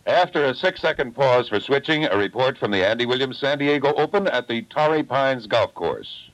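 A man's voice: mid-range voice, normal speed, soft background music. A man reading station announcements as a radio announcer. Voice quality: lively announcer delivery. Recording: dry, dull old radio.

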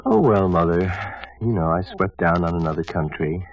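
A man playing Attila the Hun as a meek grown son who complains to his mother in a dry, deadpan way, in a 1960s radio comedy sketch. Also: sits low, normal speed, a little hiss or hum, close to an everyday voice. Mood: plaintive. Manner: mild, plaintive, dry deadpan. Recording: dull old radio broadcast.

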